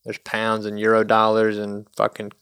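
A man's voice: lowish voice, monotone, normal speed, a bit bright, clean tone, no room sound, clean studio sound. A man hosting a casual podcast, rambling and joking with plenty of swearing. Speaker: podcast host.

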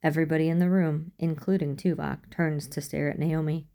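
A woman reading a first-person fan fiction story aloud as an audiobook, in a calm and even storytelling manner. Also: sits low, a little fast, creaky. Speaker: audiobook reader.

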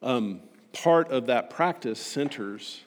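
A man preaching a sermon as pastor, earnest and emphatic, slowing down to stress key words. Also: medium pitch, animated. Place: church hall. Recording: long hall reverb.

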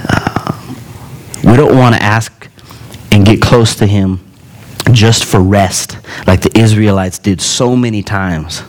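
A man preaching a sermon in a relaxed, conversational way, with joking asides between earnest points. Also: lowish voice, measured pace, slight background noise.

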